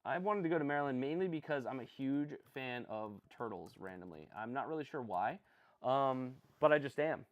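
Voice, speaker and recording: Animated rambling man commentating live. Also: medium pitch, moderate pace, muffled recording. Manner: rambling, jokey, self-deprecating, chats with viewers. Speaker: livestream host.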